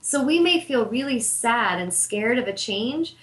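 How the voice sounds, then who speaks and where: A woman's voice: a little high, animated, a little slow, fairly bright tone. A woman hosting a show as an intuitive healer, talking in an earnest, heartfelt and candid way about meditation and spirit. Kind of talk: spiritual talk monologue. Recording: echoey room.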